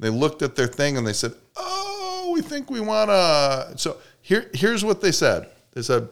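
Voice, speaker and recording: A man co-hosting a podcast, telling stories in an animated way and cursing when irritated. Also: a little high, measured pace, gravelly. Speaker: podcast co-host. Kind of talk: casual podcast banter.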